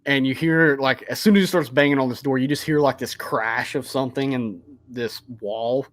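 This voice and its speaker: A man's voice: mid-range voice, normal speed, a bit bright, no room sound. A man, casually narrating a tabletop game as game master. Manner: casual, lots of fillers.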